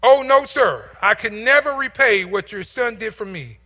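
A man's voice: high voice, expressive, normal speed, sharp tone, long reverb tail, exaggerated voice. A male preacher voicing a grateful young soldier, earnest and humble, in a spoken story.

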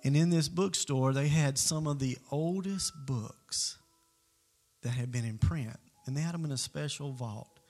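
A man's voice: mid-range voice, a little slow, a little mellow, faint music behind. A man preaching in an earnest, conversational way, telling a story as part of a sermon.

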